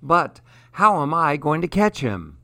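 A man voicing a cunning, hungry young male crocodile in a storybook, talking slyly and a little higher than his own voice. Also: sing-song, unhurried, creaky, pushed and bright, no echo, exaggerated voice. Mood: scheming. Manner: sly and scheming.

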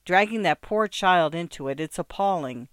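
A man's voice: sits high, expressive, normal speed, a bit bright, smooth, no echo. A man playing an irritable husband who grumbles with disdain. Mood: disdainful.

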